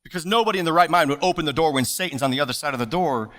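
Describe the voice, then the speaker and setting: A man preaching a sermon as pastor, animated and playful, slipping jokes and asides between scripture readings. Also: fairly high pitch, rapid-fire. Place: church service.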